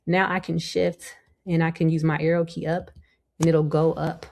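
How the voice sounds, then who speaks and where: Woman tutorial host, low voice with fry, casual step-by-step talk, chatty. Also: flat delivery, moderate pace, a little mellow. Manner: chatty, talks through each step with many "you know" and "like". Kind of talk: casual screen-recorded software tutorial.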